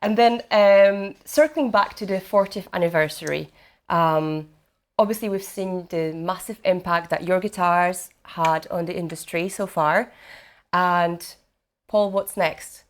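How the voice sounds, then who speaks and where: A woman interviews a guest in a relaxed, friendly way. Her voice sits a little low for a woman, and her questions come with hesitant ums and quick reactions. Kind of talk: casual interview.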